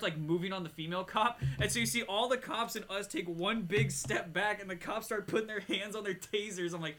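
A man with a bright, fairly high voice tells a story in a relaxed podcast chat, slipping into the voices of the people he quotes. He talks casually among friends in a garage. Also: a little fast, few pauses, a little hiss or hum. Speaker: podcast co-host. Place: home garage.

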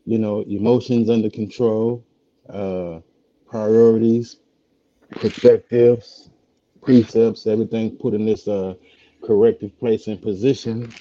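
A man's voice: on the low side, flat delivery, measured pace, mellow. A man speaking as a podcast guest in casual chat, laid-back and reflective. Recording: dull lo-fi audio.

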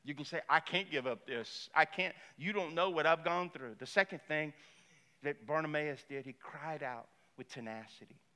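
Male pastor, middle-aged, lively storytelling sermon, bright and forceful tone, slightly high voice. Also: moderate pace. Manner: animated storytelling, acting out voices.

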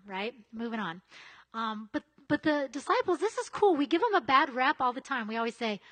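Chatty high-voiced woman preaching. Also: expressive, a little fast, fairly bright tone. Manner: conversational, chatty asides, often asks "right?". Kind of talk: casual sermon.

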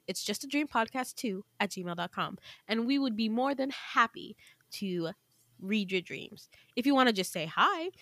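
A woman's voice: medium pitch, fairly bright tone, dry recording. A woman hosting a podcast, chatting playfully and rambling a little with fillers as she wraps up the episode. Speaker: podcast host. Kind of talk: casual podcast outro.

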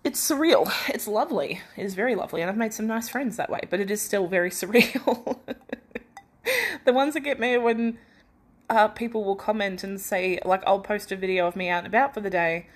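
A woman's voice: mid-range voice, a little fast. A young Australian woman hosting her own podcast in casual solo chat, feverish, rambling and self-deprecating with many restarts. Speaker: podcast host.

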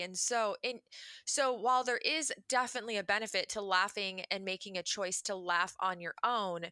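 Bright, smooth woman host. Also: medium pitch, no room sound, studio quality. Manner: agreeable, summarizes guest's points. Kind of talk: casual interview chat.

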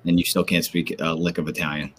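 Deep-voiced male podcast host in his thirties, playful and ribbing. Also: quick pace, husky. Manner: joking, teasing, animated. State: tired. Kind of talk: casual podcast banter.

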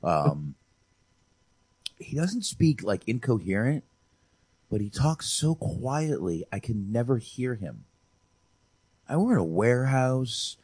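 A man's voice: medium pitch, takes it slowly, pauses often, husky, no room sound. A man hosting a podcast, rambling and swearing casually while reviewing a movie. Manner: rambling, profane and animated. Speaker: podcast host.

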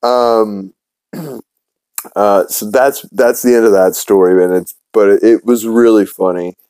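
A man hosting a podcast who rambles through a cartoon recap, swears freely and trips over his own restarts. His voice sits low and sounds warm and relaxed. The recording is dry and close to the mic. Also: moderate pace, clear, resonant tone, dry recording, rough recording. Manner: rambling, profane, full of fillers and restarts. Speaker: podcast host. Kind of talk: casual episode recap.

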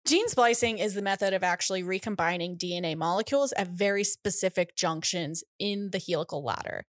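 A woman's voice: mid-range voice, fairly quick, dry recording. Woman explaining science, dry sound. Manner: explanatory, laughs easily. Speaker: podcast co-host. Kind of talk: casual science chat.

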